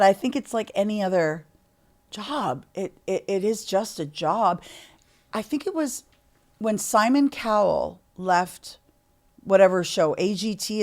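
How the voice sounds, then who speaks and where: A middle-aged woman from Canada, a podcast guest telling candid stories in a chatty way and swearing freely. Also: medium pitch. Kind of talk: candid interview storytelling.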